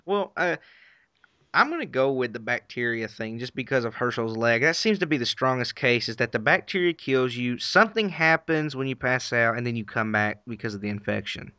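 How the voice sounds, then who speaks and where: A man's voice: medium pitch, lively intonation, a little fast, bright, forceful tone, smooth, no echo. A man co-hosting a casual podcast chat who is easygoing and reads lists out plainly, on slightly dull lo-fi audio. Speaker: podcast co-host. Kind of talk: casual chat and reading aloud.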